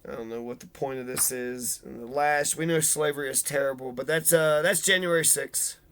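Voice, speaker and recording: A man's voice: mid-range voice, steady tone, a little fast, fairly bright tone, slight background noise. A man casually commenting on history, irreverent and sarcastic, swearing freely and reacting to quotes he reads aloud. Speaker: history channel host.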